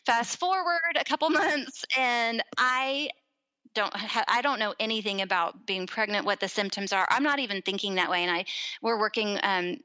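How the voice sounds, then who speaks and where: A woman's voice: mid-range voice, moderate pace, rough recording. A woman in her thirties, a podcast guest, telling a personal story in casual chat and acting out the quoted voices. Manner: animated, acts out quoted voices.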